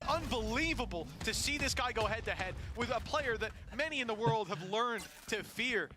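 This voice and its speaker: A man's voice: very high voice, lively intonation, moderate pace, background noise. A man commentating play-by-play on an esports match in a flowing, dramatic delivery. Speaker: esports caster.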